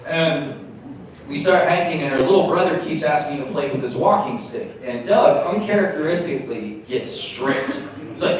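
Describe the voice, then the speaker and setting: A man's voice: expressive, moderate pace. Young man doing stand-up in an echoey room. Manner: self-mocking storytelling, acts out voices in sudden high bursts. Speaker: stand-up comedian. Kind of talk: open mic stand-up. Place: small comedy venue. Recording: echoey room mic from a distance.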